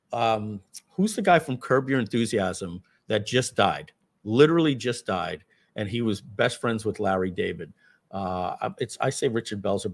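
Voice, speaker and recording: Male livestream host, casual anecdotal storyteller, meandering delivery. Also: lowish voice. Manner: rambling, many fillers, acts out quotes. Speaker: webinar host.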